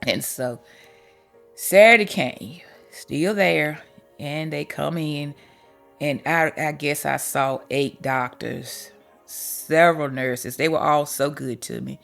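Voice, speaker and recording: This woman's voice sits low, slow and creaky with a fairly bright tone, over soft background music. As a podcast host and life coach, she tells her own story candidly and from the heart, using folksy sayings and sometimes growing emotional.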